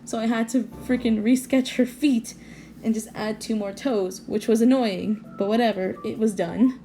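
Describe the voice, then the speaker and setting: This artist vlogger, a young woman, rambles giggly and casual at home late at night about her character drawing, often starting sentences over. Her slightly high voice is warm and steady at normal speed, with a little hiss or hum.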